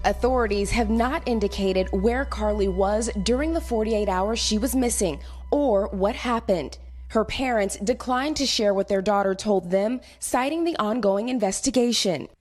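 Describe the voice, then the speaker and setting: A woman news reporter reading a measured, scripted news narration. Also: medium pitch, darkish tone, soft background music.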